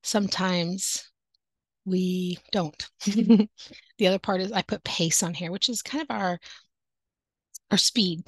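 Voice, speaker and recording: Her voice is lowish with a breathy edge, and she speaks slowly with frequent pauses, with no room sound. An online teacher, she offers relaxed tips to other teachers through a headset with headphones, staying upbeat and chatty and laughing a lot.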